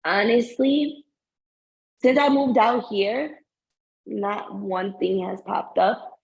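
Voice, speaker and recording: A woman co-hosting a casual podcast chat, talking about her marriage in a heartfelt, drawn-out way. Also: mid-range voice, creaky, poor audio. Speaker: podcast co-host.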